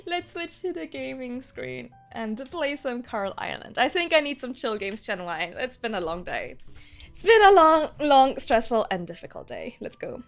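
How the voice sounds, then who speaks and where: A woman's voice: fairly high pitch, big pitch swings, normal speed, creaky, soft background music. A woman streamer chatting casually with her viewers, laughing often and rambling with restarts.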